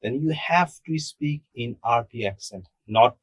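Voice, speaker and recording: A young man talks through his views in a casual podcast chat. He sits in the middle of the male pitch range and keeps pressing his points by asking himself questions and answering them. The sound is close and dry, with hardly any room in it. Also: expressive, a little slow, husky, no echo. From Bangladesh. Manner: emphatic, asks rhetorical questions and answers them. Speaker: podcast co-host. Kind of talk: casual discussion.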